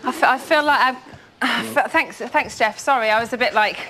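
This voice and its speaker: A woman's voice: a little high, brisk, sharp tone, a little hiss or hum. A woman hosting a studio chat show, chatty and giggly, with frequent stammering restarts. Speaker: host.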